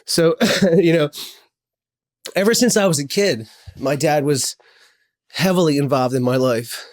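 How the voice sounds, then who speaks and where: A man's voice: on the high side, a little slow. A man in his forties telling personal stories in a heartfelt, rambling way, repeating himself and swearing casually. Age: 40s. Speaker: podcast host. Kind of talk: personal storytelling monologue.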